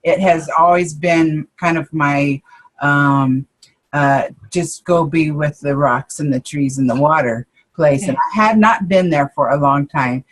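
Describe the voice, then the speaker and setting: A woman co-hosts a relaxed spiritual chat, speaking slowly and hesitantly in a lowish voice. She pauses often and restarts her sentences as she works through her thoughts. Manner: hesitant, many ums and restarts. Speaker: co-host.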